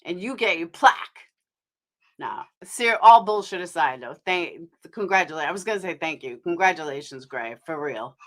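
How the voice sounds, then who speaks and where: A woman's voice: fairly low pitch, expressive, moderate pace. A woman hosting a casual live stream, talking bluntly, swearing freely and rambling as she vents to her viewers. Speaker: livestream host.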